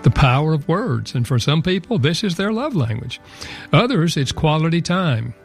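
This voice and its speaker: A man's voice: fairly high pitch, sing-song, moderate pace, faint music behind. A man guest on a radio interview, earnestly explaining his ideas point by point. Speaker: author and guest.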